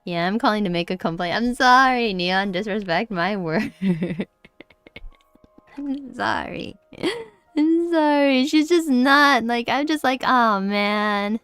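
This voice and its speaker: Woman streamer, giggly, apologetic, chatty, smooth clear voice, dry close mic. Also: a little high, a little slow, fairly bright tone, no echo, faint music behind. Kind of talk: casual gaming livestream chat. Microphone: close desk mic.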